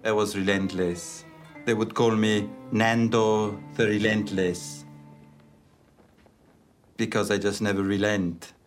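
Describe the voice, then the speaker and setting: A man's voice: on the low side, little pitch movement, slow pace, long pauses, soft background music. An actor playing a pompous, fussy male vampire who was once a warrior, talking formally and boastfully in a TV comedy. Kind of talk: TV comedy acting.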